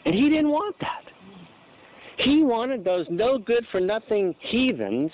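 In a church, a man with a high-pitched voice preaches a sermon at normal speed, animatedly acting out the voices in the scripture he reads. The recording is dull and lo-fi.

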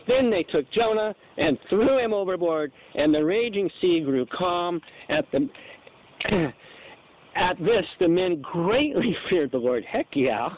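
A man's voice: sits high, slow, a little hiss or hum. A man preaching a sermon, acting out the voices in the scripture he reads. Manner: animated, acts out voices in scripture. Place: church. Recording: dull lo-fi recording.

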